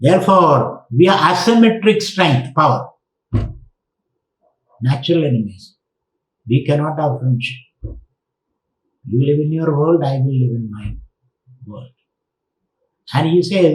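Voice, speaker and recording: A man's voice: fairly high pitch, animated, a little slow, long pauses. A man, a spiritual teacher giving an online lecture, telling a fable and mixing in Sanskrit phrases. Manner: storytelling with Sanskrit quotes and repeated phrases. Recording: roomy echo.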